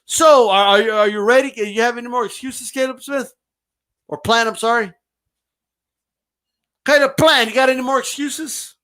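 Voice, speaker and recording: A man's voice: very high voice, normal speed, long pauses, fairly bright tone. A man giving a brash, mocking, profane rant as a boxing commentator. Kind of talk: ranting commentary vlog.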